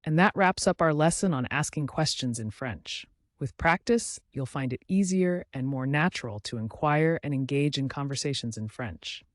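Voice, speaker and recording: A man giving a scripted language lesson in an even, clear explanatory manner, recorded close on a studio mic. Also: mid-range voice, moderate pace, dry recording. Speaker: language teacher.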